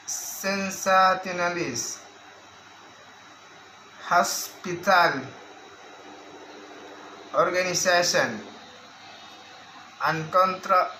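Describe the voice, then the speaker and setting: Slow, bright-voiced man reading a lesson. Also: high voice. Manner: slow, careful reading of word lists with restarts. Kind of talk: reading a phonetics lesson aloud. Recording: echoey room with faint background hiss.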